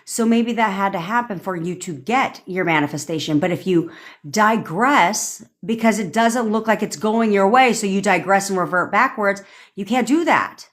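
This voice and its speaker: A woman's voice: medium pitch, normal speed. A woman manifestation coach on a livestream, ranting bluntly with swearing and acting out quoted lines. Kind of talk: livestream rant.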